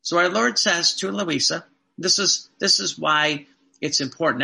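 Priest guy preaching, gravelly and really bright voice, keeps repeating himself. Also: fairly high pitch, measured pace. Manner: earnest, repetitive preaching with rhetorical questions. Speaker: Catholic priest. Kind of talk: sermon.

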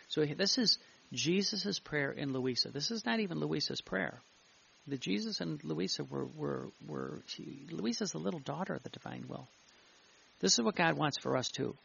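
A male preacher giving a fervent devotional sermon, reading passages aloud and repeating himself, with a gravelly voice. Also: on the high side, animated, moderate pace, a bit bright. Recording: muffled lo-fi recording.

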